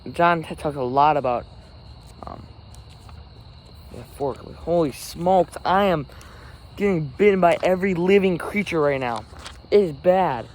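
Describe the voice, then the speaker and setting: A man with a voice on the high side hosts a casual podcast alone, recording on camera beside a forest. He rambles and self-corrects, and insects and crickets create slight background noise.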